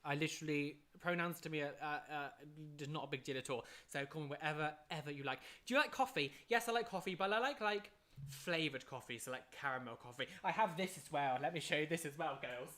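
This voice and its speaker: Bright, chatty live streamer. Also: mid-range voice, fast. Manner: chatty and excitable, hums filler tunes, laughs often. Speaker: live streamer answering chat. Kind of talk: casual live-stream chat.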